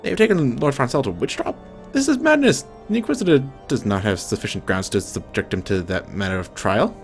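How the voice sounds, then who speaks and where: A man puts on a frantic noble lord from a fantasy game, his voice pushed up high and declaiming every line. The delivery swings widely in pitch, dramatic and urgent. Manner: theatrical, declaiming.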